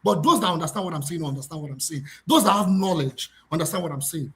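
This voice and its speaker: A man speaking as a panelist in a heated debate, passionate and repetitive, building to near shouts. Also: fairly high pitch, quick pace, hardly any pauses.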